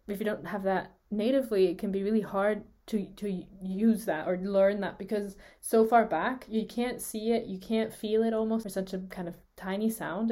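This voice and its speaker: A woman's voice: medium pitch, mellow. Woman explaining speech sounds with demonstrations. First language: Swiss German. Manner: explanatory, demonstrates sounds aloud, laughs often. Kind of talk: podcast lesson, casual chat.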